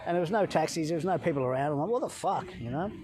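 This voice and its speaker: A middle-aged man from England, a health coach vlogger telling a travel story in a swearing, animated way, talking into a phone outdoors by a hotel pool. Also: on the high side, rapid-fire.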